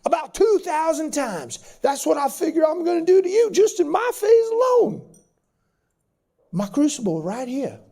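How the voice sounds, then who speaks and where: A man playing a gruff older male SEAL instructor with a Southern accent, talking in a drawling, menacing, folksy way. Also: very high voice, sing-song, moderate pace, dark tone, voice pushed up, heavily acted.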